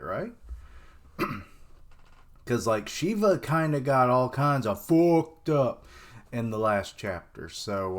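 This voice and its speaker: A young man giving casual live reaction commentary on a manga chapter, rambling with lots of fillers and chuckles. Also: mid-range voice.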